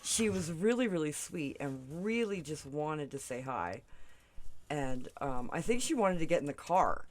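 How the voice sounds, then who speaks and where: A crafting channel host talks through a tutorial in a mid-range, sing-song voice at a measured pace. She rambles off into stories and tangents, laughing between sentences and tossing in "right?" and "you know" again and again.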